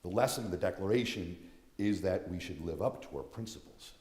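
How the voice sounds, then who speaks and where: Man, low voice, earnest lecturer who restarts phrases; reverberant church hall sound. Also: brisk, a little mellow.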